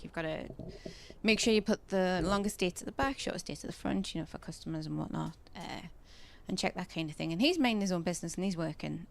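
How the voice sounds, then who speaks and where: A woman's voice: lowish voice, gravelly, darkish tone. Chatty woman gaming. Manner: chatty, indignant storyteller. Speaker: gamer. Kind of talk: casual chat while playing a game.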